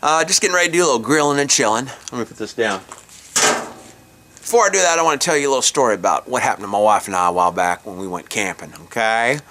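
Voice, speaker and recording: A man's voice: mid-range voice, quick pace, background noise. A middle-aged man telling a comic story in a folksy way, chuckling at his own jokes, recorded outdoors at a campsite. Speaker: comedic storyteller host.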